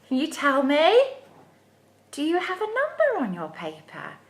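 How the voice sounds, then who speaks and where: A woman's voice: high voice, wildly swooping pitch, unhurried, roomy sound. A woman leading a live craft playalong for young children, encouraging and sing-song. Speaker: children's activity leader. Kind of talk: live interactive kids' playalong. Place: home room, livestream.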